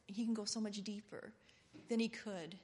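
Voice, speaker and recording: A middle-aged woman giving a rambling, earnest, informal sermon that builds to loud, impassioned preaching. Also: mid-range voice, fairly even intonation, normal speed, husky.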